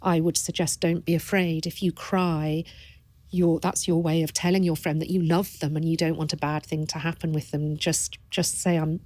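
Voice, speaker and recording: A woman's voice: low-pitched, flat delivery, normal speed, darkish tone, dry recording. Earnest woman, dry close sound. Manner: earnest and thoughtful, with frequent restarts and repeated words. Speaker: palliative care doctor, podcast guest. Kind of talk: reflective interview conversation.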